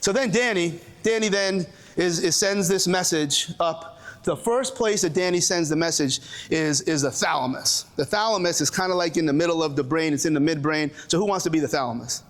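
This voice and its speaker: Man w/ brooklyn accent giving a live workshop talk, slightly high voice, cracks jokes, keeps restarting sentences. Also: brisk. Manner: joking, with frequent restarts and audience call-outs. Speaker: presenter at a coaching seminar. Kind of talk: animated live seminar talk. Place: lecture room with a live audience.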